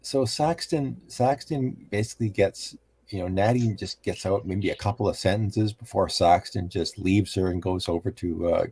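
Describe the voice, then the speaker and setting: A man giving a casual, halting recap of a wrestling show on a podcast, with many pauses and restarts. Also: low voice, darkish tone, breathy edge, dry recording.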